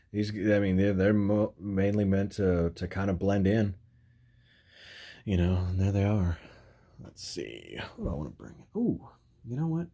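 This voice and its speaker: Toy-collector host: a deep-voiced man, easygoing and rambling, chuckling as he shows his figures. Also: a little mellow. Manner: rambling, filler-heavy, frequent "you know"; chuckles while handling figures. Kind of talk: casual toy review vlog.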